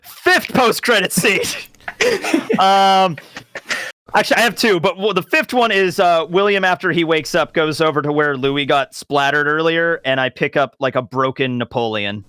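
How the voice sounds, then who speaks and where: Bright high-voiced man player. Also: normal speed, clean tone, no room sound. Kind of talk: casual chat.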